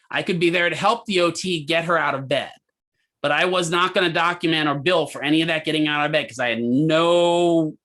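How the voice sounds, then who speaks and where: A man teaching a physical therapy class, telling a hospital story in a lively way and asking students questions. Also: a little high. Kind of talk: lecture with a clinical story.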